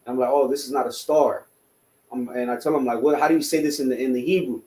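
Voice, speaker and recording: A man's voice: mid-range voice, fast, a little mellow, roomy sound, low-quality recording. Man lecturing, with a rhetorical "right?". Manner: rambling, many fillers and rhetorical "right?". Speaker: language class teacher. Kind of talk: unscripted classroom lecture.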